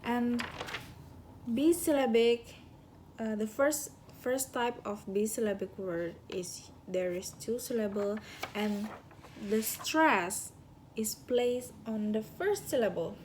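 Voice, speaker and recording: Slow, halting young woman reviewing lessons. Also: fairly high pitch, darkish tone, slight background noise. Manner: halting, searching for words, self-correcting. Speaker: student giving a class review. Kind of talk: spoken course review.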